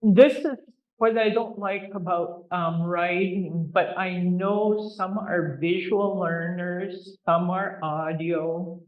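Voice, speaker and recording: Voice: mid-range voice, fairly even intonation, slow pace. A language teacher leading a classroom pronunciation lesson, drilling words by repetition, patiently correcting students and teasing them good-humouredly. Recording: dull lo-fi classroom recording.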